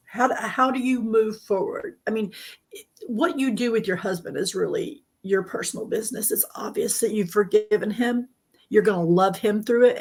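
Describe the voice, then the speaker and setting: A woman hosting an interview, earnest and openly moved, talking over a video call. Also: medium pitch. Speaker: host. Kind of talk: emotional interview conversation.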